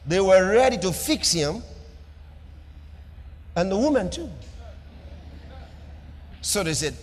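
A man preaching a sermon with an emphatic, repetitive cadence, swinging between loud declarations and soft asides. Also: sits high, sing-song, slow, long pauses, big-room sound. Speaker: pastor.

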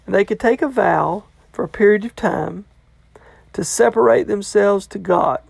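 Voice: medium pitch, moderate pace, vocal fry, darkish tone, slightly rough, dry recording. A Bible study teacher talking casually through a passage, paraphrasing a commentator and checking in with the listener. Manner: loose and conversational, checks in with "okay?".

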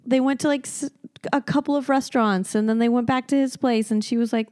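A woman's voice: fairly high pitch, fairly even intonation, a little fast, a little mellow, clear, resonant tone. A woman hosting a podcast, chatting casually and bluntly, laughing often. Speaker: podcast host. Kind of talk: casual chat.

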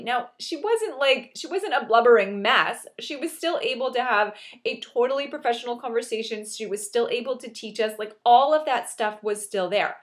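A woman's voice: on the high side, animated, fairly quick, hardly any pauses. A young adult woman giving an earnest, encouraging motivational monologue, repeating key phrases for emphasis. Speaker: motivational speaker.

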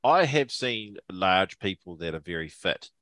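A man's voice: sits low, animated, measured pace, a bit bright, no echo. A man with a New Zealand accent, co-hosting a podcast in casual chat, rambling with many fillers and restarts. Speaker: podcast co-host.

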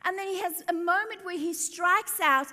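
A woman's voice: very high voice, normal speed, sharp tone. A woman preaching a sermon, telling the story expressively and with emphasis, in a church hall. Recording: long hall reverb.

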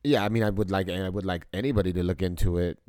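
Low, smooth-voiced man in casual chat. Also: steady tone, fast talker, dark tone, no room sound, clean studio sound. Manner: hesitant, repeating words as he talks.

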